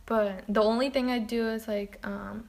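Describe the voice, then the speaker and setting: Podcast co-host, young woman, somewhat high voice, lively storyteller. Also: moderate pace, vocal fry. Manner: animated storyteller, acts out scenes with laughter. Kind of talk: casual chat.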